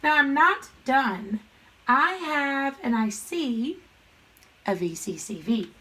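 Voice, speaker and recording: A woman with a bright, fairly high voice teaches a phonics lesson to young children. She sounds out words slowly and patiently, thinking aloud as she writes on the board. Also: sing-song, low-quality recording. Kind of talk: recorded classroom lesson.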